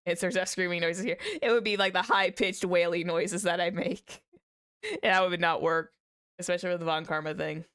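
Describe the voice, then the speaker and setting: A woman's voice: on the low side, steady tone, normal speed, clear, resonant tone. A woman streaming a visual novel game, chatting between lines and laughing at her own attempts at voices. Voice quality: playful, laughs at herself, chatty asides. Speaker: VTuber streamer. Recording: streamed with loud game music behind.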